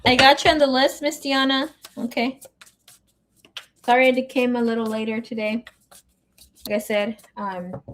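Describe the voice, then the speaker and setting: A woman's mid-range voice carries through slight background noise as she chats casually during her tarot live stream. She reads out viewer comments, mixes Spanish words with English, and sounds grieving and emotional.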